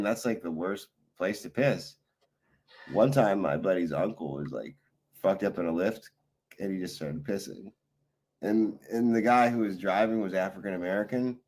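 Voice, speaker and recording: A man's voice: fairly low pitch, lively intonation, moderate pace, a little mellow. A tired man streaming live, chatting loosely with his viewers and telling rambling, profane stories. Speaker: livestreamer reading chat. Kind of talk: casual rambling chat.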